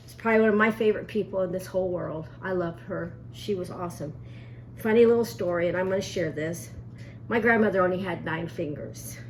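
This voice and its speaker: In a home kitchen, a woman hosts a casual cooking demonstration, chatting in a folksy way and sharing family stories while she works. Her voice is fairly low, with a little hiss or hum on the recording.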